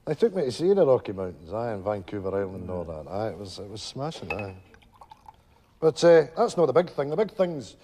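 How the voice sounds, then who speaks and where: An actor playing an older widowed Glasgow pensioner with a Glaswegian Scottish accent, telling a rambling stage monologue full of "you know" asides. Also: male voice, lowish voice, very animated, brisk, dark tone. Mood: wistful storytelling. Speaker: stage character telling a story to friends.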